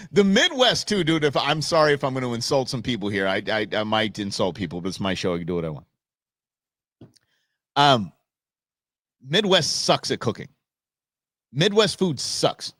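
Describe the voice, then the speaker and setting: A man hosting a live stream show, ranting and joking in a casual, animated way. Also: on the high side, no echo, clean studio sound. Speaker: host. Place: Phoenix.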